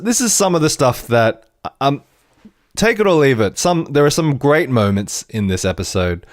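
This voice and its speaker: A man hosting a podcast, reviewing a TV episode in an animated, rambling way with frequent restarts. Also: mid-range voice, dry recording, clean studio sound. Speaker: podcast host.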